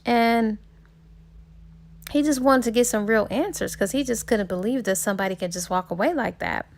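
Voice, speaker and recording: Woman with a gravelly, high-pitched voice. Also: moderate pace. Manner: chatty, slangy storytelling with fillers and laughs. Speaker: book reviewer. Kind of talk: casual plot retelling.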